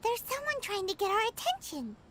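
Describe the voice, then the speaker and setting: An actress voicing a tiny excitable fairy companion in a game cutscene, with a high squeaky voice. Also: female voice, a little fast, heavy background noise. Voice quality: high squeaky voice, speaks of herself in third person. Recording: game audio with loud music.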